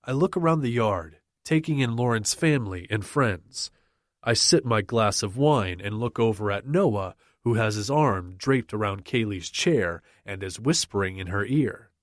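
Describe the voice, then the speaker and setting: A man narrating a first-person romance audiobook in a measured, even manner. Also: fairly low pitch, dry recording, clean studio sound.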